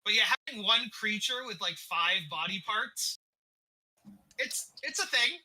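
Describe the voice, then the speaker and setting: A man's voice: high-pitched, animated, a little slow, bright, forceful tone, dry recording, rough recording. A man running an online tabletop game as dungeon master, patiently explaining rules and chuckling often. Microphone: desk mic.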